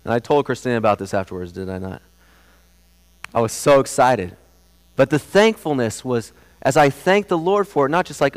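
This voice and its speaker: A young adult man preaching a sermon as pastor, earnest, and moving from quiet storytelling to animated emphasis. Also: mid-range voice, moderate pace, clear, resonant tone. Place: church sanctuary. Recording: long hall reverb.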